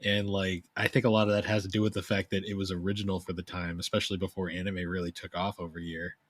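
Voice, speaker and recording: A young man co-hosting a podcast, telling stories in a rambling, animated way. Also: low voice, fast talker, no room sound. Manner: rambling, animated storytelling with laughs. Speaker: podcast co-host. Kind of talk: casual chat.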